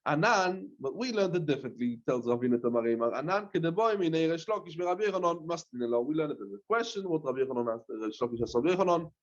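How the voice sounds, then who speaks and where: A man's voice: a little high, highs cut off. Man chanting and explaining a Talmud text. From London. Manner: reads the text in a chanting singsong, then explains in plain speech; hesitant, with many "uh" fillers. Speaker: rabbi teaching Talmud. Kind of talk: Talmud lesson, reading and explaining.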